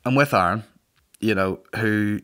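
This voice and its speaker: A man in his thirties hosts a comedy podcast, delivering a boisterous, casual monologue that rambles and swears. His voice is fairly low and fairly bright in tone, at a measured pace.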